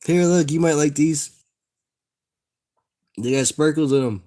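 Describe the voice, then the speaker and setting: With a fairly high but dark-toned voice, this young streamer speaks at a measured pace and pauses often. He's from the Southern United States, has a Tennessee accent, and swears casually while chatting with livestream viewers as he makes dice.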